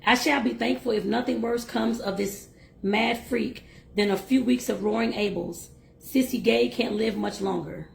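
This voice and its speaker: A stern, blunt old uncle hands down judgments, read by a woman. The voice is gravelly and lowered, and it echoes in a bare room. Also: normal speed, a little hiss or hum.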